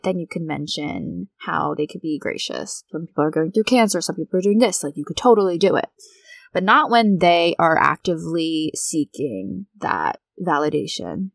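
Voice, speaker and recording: Woman, early twenties, solo podcast host; casual, frank delivery with plenty of cursing, slightly low voice, dry recording. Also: animated, moderate pace, vocal fry, no echo. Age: 20s. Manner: candid, blunt, swears freely.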